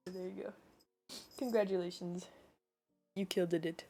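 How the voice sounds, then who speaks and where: A woman's voice: on the low side, steady tone, slow, long pauses, darkish tone, soft background music. A woman streamer reading a book aloud, giggling and chatting to her pet between passages. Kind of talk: casual chat and book reading.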